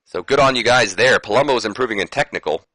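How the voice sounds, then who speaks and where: This gameplay commentator talks quickly in a medium-pitched, sharp voice while casually covering a wrestling management game. He's chatty and prone to cursing, and the recording is rough, with no room sound.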